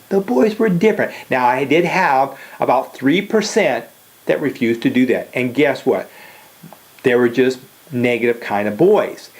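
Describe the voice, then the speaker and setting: An older man giving a casual motivational talk in a direct manner, often checking in with "okay?" and "you know.". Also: mid-range voice. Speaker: motivational speaker.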